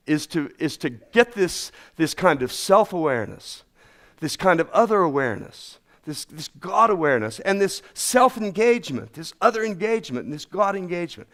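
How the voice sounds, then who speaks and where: A middle-aged man preaching a sermon in an animated, folksy way, repeating phrases for emphasis. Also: on the high side. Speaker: pastor.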